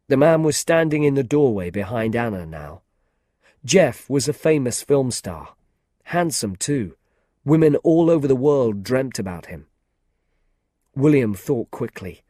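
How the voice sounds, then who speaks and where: Slow, clear male storyteller. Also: mid-range voice, expressive, dark tone, no echo, studio quality. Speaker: narrator. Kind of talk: scripted story narration for English learners.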